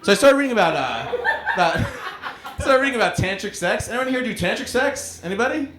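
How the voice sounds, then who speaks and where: Stand-up man, forties, New York accent, self-deprecating crowd work, roomy club with a loud laughing audience. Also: very high-pitched, very animated, a little fast. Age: 40s. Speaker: stand-up comedian. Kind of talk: live stand-up set. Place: small comedy club, live audience.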